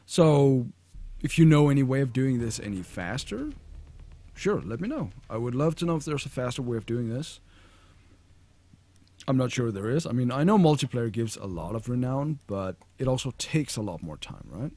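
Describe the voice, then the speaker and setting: A man giving casual, rambling commentary over his own gameplay, relaxed and full of fillers. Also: medium pitch, moderate pace. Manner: laid-back, rambling, with fillers. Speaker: gamer commentator.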